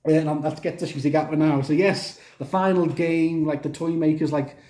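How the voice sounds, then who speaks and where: Young man, casual TV review, eager and rambling, warm tone, roomy echo. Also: a little high, fairly even intonation, a little fast. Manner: enthusiastic, rambling with restarts and fillers. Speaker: TV review vlogger.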